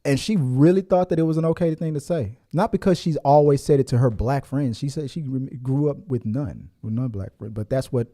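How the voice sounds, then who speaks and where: A middle-aged man hosting a casual commentary show, laughing often and jumping into high mock voices. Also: a little fast, few pauses, mellow. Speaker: host.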